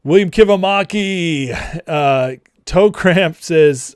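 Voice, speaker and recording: A man's voice: fairly high pitch, animated, slow, clear, resonant tone, no echo, studio quality. A man hosting a casual political livestream, mocking and laughing often as he greets his chat by name. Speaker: livestream host.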